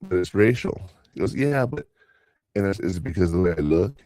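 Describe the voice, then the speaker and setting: An older man hosts a podcast in casual chat, speaking fast in a low, dark-toned voice. He rambles through stories and acts out other people's lines in voices. The studio sound is clean, with no echo.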